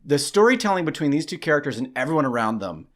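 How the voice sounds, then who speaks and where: A man's voice: a little high, big pitch swings, quick pace. A man co-hosting a movie review, talking enthusiastically and emphatically in a casual chat.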